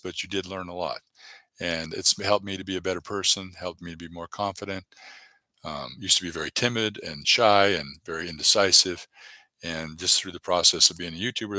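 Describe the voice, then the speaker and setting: A man's voice: low voice, sharp tone, no room sound. Man chatting loosely on a livestream. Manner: rambling, encouraging, reads chat aloud. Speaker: YouTube livestreamer. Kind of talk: casual livestream chat.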